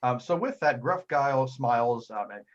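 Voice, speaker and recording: A man's voice: medium pitch, lively intonation, normal speed, muffled recording. A man narrating a tabletop role-playing game as game master, telling the story playfully. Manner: playful storytelling, slipping into character voices.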